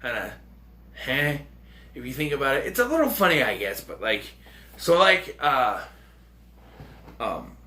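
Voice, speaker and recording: A man's voice: mid-range voice, big pitch swings, unhurried, pauses often, pushed and bright. A man hosting his own channel, giving a casual, rambling movie review with lots of fillers and chuckling asides.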